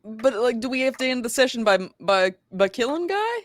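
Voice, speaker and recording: A woman playing a tabletop game who talks excitably and stammers over her words. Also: a little high, fairly quick. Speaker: player. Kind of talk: casual tabletop game chat.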